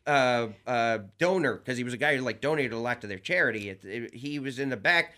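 Bright-voiced man telling a story. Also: mid-range voice, brisk. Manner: animated, laughing often, many restarts. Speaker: stand-up comedian guest. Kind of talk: casual anecdote telling.

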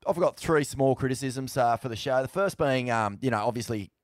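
Australian male podcast co-host, mid-pitched, laid-back, sweary storyteller. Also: fairly quick, dry recording, studio quality. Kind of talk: casual chat.

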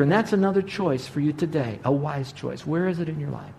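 A man's voice: on the high side, animated, fairly quick, vocal fry, few pauses, warm tone, slight background noise. A man preaching a sermon, moving through numbered points to an emphatic call for prayer. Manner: rising to emphatic exhortation. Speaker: pastor.

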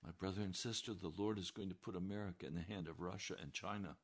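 A man's voice: sits low, steady tone, fast talker. Impassioned male preacher delivering a sermon. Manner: impassioned, swings between hushed warnings and raised declarations.

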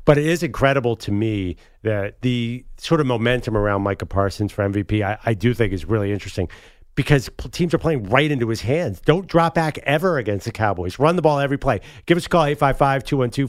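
A man co-hosting a sports talk radio show, animated and quick to argue a point. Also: mid-range voice, no echo, clean studio sound.

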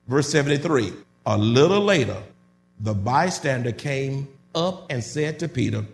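A man preaching a sermon, reading scripture slowly and then breaking into loud, emphatic commentary. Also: mid-range voice, animated, vocal fry. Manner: builds from measured reading to loud emphatic bursts.

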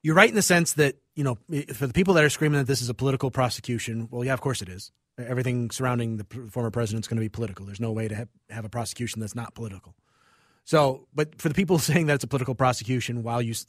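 Fast-talking male radio co-host. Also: medium pitch, no room sound, clean studio sound. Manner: argumentative, emphatic, talks through points quickly. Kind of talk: casual radio talk.

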